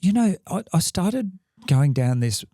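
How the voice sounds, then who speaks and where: An Australian man co-hosting a podcast, gravelly and mellow in tone. He talks in halting bursts, stopping and restarting his sentences. The sound is dry and close. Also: sits high, very animated, no echo. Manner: halting, many restarts and fillers. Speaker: podcast co-host. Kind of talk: casual chat. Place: podcast studio.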